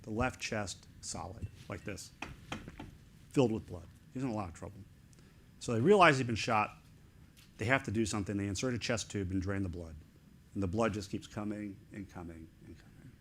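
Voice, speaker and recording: A middle-aged man, an author speaking as an interview guest, telling a story in excited, animated bursts of short fragments. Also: on the low side, brisk, long pauses, slight background noise.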